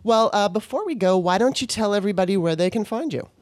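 A woman from Baltimore hosts a casual podcast chat at a middle pitch. She talks candidly in long, looping sentences and often restarts them. The sound is dry and close. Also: animated, fast, darkish tone, no echo. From Baltimore, Maryland. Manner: rambling, self-correcting, candid. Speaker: podcast host. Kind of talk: casual conversation.

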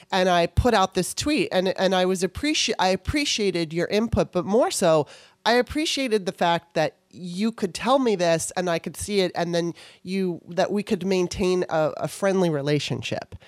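A woman's voice: on the low side, normal speed, no echo, studio quality. A woman from Baltimore hosting a podcast, talking in a candid, rambling way, often restarting her sentences. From Baltimore, Maryland. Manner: rambling, self-correcting, candid. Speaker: podcast host. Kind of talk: casual conversation.

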